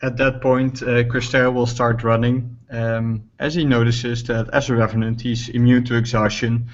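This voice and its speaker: A man's voice: medium pitch, little pitch movement, normal speed. A man playing a tabletop game, talking in a casual, joking way, on a muffled lo-fi recording. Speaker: player.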